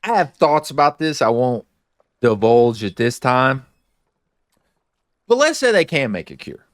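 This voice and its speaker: A show recap host casually walks through a TV episode, retelling its scenes and then offering his own opinions, with filler "like"s throughout. His mid-range voice is very animated and a little slow, recorded at studio quality with no room sound.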